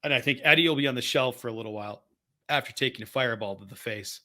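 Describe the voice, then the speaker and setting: A man co-hosting a podcast in casual chat, excitable and rambling, often laughing as he talks. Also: medium pitch, quick pace. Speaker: podcast co-host.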